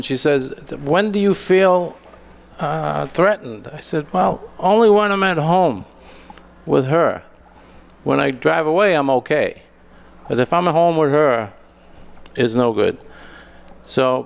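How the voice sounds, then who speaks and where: Man, middle-aged, gravelly voice, deadpan, stand-up storytelling host. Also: mid-range voice, moderate pace. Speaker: comedy show host.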